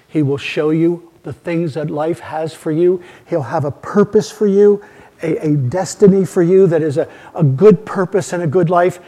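Earnest preaching man, dark husky tone. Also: fairly high pitch. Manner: earnest, building to emphatic peaks, then hushed. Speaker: pastor. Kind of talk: sermon. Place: church.

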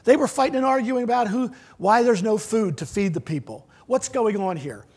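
A middle-aged male pastor preaching an earnest sermon in a church. His voice sits high and has a husky edge. He swings from loud, raised lines to hushed, almost whispered ones. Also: expressive, moderate pace.

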